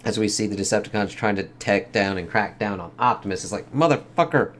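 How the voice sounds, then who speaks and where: A man with a lowish voice talks through a comic book review in a loose, casual way. He swears freely and uses plenty of fillers. Faint noise sits underneath. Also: steady tone, fast talker, fairly bright tone. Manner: loose and profane, lots of fillers.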